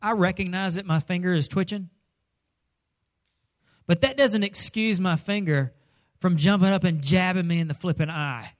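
A middle-aged preacher gives a comedic, jokey sermon, acting out little voices and scenes, suddenly bursting into loud lines, then easing back into plain storytelling. His voice is high-pitched, with a moderate pace and frequent pauses.

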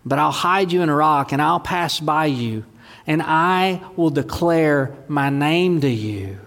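A pastor with a fairly high, creaky voice delivers a sermon at a measured pace in a church sanctuary, where a long hall reverb carries his words. He shifts between ringing proclamations and hushed lines spoken almost in a whisper.

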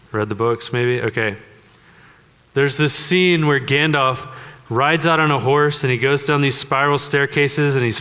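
A man's voice: mid-range voice, a bit bright, clear, resonant tone. A man preaching a sermon, conversational and joking with the congregation. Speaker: pastor. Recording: long hall reverb.

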